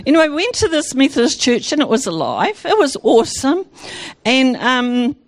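A woman tells her Christian testimony to a gathered audience. She talks in an animated way, breaking off and restarting her sentences as she goes. The sound is close and dry, with no echo. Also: high-pitched, moderate pace. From New Zealand. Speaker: speaker giving a Christian testimony.

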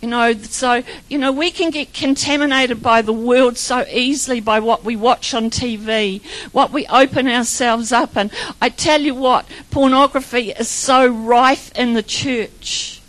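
A woman's voice: a little high, fairly even intonation, unhurried, hardly any pauses, a bit bright, low-quality recording. A middle-aged woman giving an informal sermon full of personal stories, chatty and rambling, often laughing. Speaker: preacher.

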